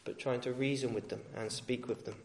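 A male street preacher giving a sermon in a gentle, reasoning tone, with frequent fillers and restarts. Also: mid-range voice, steady tone, a little fast.

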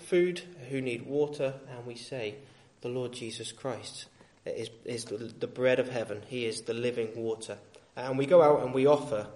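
Gentle male preacher, halting delivery. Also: mid-range voice. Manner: gentle, reasoning tone with many fillers and restarts. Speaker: street preacher. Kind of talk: sermon.

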